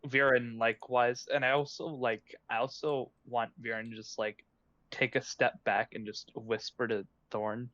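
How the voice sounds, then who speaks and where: A man's voice: mid-range voice, level tone, normal speed, a bit bright. A man playing in an online tabletop game, describing his character in a rambling, eager way. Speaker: player. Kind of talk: tabletop game role-play. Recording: dull lo-fi online call audio.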